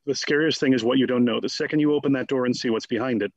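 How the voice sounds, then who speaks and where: Male guest scholar, husky, animated and digressive; dry, lo-fi recording. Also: mid-range voice, no room sound. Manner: animated, digressive, slips into quick mock voices. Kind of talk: conversational interview.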